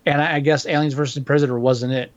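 A man chatting casually about films, animated, with frequent restarts and swearing. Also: medium pitch, fast. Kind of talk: casual chat. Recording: dull lo-fi sound.

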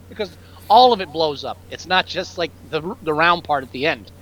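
Animated high-voiced man riffing on a film. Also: normal speed, low-quality recording. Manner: animated, jokey, mimics film lines. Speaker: podcast co-host. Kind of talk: casual movie-review chat.

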